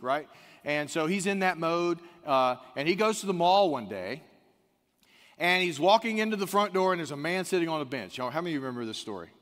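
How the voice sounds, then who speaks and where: A pastor preaches a sermon, telling a story conversationally and calling out to the congregation. His voice sits on the high side with a fairly bright tone, and the recording has a long hall reverb.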